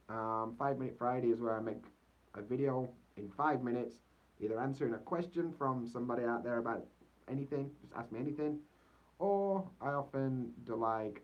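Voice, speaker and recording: On a livestream, a young Yorkshireman with an English accent, now vlogging from Japan, rambles along in easygoing chat peppered with "so yeah." His low-quality microphone leaves the audio muffled and dull.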